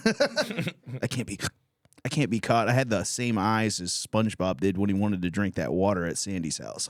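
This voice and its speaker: A man's voice: on the low side, sing-song, normal speed, no echo, studio quality. A man in his thirties hosting a podcast, telling a crude comedic story in a profane, rambling way and laughing through his lines. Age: 30s. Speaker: podcast host.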